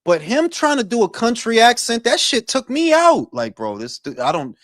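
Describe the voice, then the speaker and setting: Male host, casual chat, animated delivery, dry close mic. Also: extremely high pitch, normal speed, no echo. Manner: animated, profane, laughs often. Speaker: podcast host.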